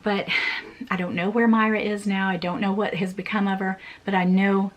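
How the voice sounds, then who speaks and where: A woman's voice: mid-range voice, flat delivery, moderate pace, lo-fi sound. A woman in her forties, a vlogger telling a personal story in an earnest, repetitive way with small laughs.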